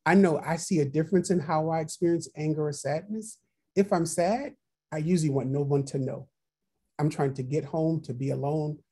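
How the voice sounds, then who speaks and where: A workshop trainer facilitates an online training webinar over a video call, posing reflective questions, repeating them, and reading participants' chat replies aloud. The voice is mid-range, mellow, and breathy-edged, at a moderate pace.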